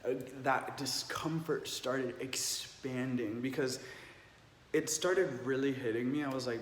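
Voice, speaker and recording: A man's voice: medium pitch, measured pace, a little hiss or hum. A young adult man telling a personal story earnestly and emotionally, with lots of "like" fillers. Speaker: vlogger. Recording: echoey room with long reverb, faint ambience.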